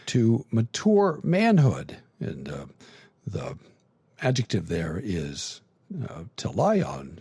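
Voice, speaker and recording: Male podcast host teaching scripture, mellow and raspy, dry close sound, measured delivery with frequent restarts. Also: sits low, no echo. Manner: measured, halting, lots of fillers and restarts.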